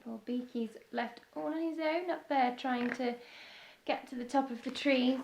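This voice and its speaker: High-voiced woman reading a children's story. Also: a little slow, gravelly. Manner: gentle, asks the listening children questions. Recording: echoey room.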